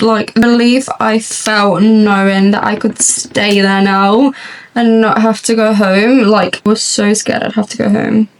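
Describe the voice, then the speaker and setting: Her voice fairly high, a young beauty vlogger tells a long, meandering story over her makeup routine, chatty and quick to laugh. The mic is distant, she's slightly off it, and the recording is rough.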